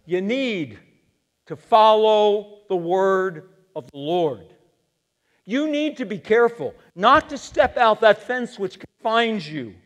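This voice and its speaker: A male pastor preaching a sermon in a church, animated and acting out the quotes he reads. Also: high-pitched, slow pace. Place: church sanctuary. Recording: long reverb of a church sanctuary.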